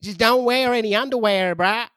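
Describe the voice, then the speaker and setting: A man's voice: sits high, normal speed, fairly bright tone, clean tone, no echo, clean studio sound, pitched above the performer's own voice. A man putting on a crude, cocky caller who sounds American and keeps saying "bruh". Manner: drawling, says "bruh" and "yeah, boy".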